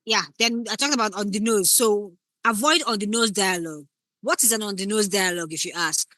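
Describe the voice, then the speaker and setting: A woman's voice: mid-range voice, fairly quick, bright, forceful tone, dry recording. A woman teaching scriptwriting in a casual lecture, acting out short example lines as she explains. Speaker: scriptwriting instructor.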